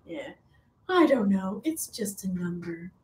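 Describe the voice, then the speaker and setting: A woman's voice: mid-range voice, big pitch swings, a little slow. A woman co-hosting a casual livestream chat, teasing and laughing, with lots of supportive backchannel. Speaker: co-host. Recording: roomy echo with faint room noise.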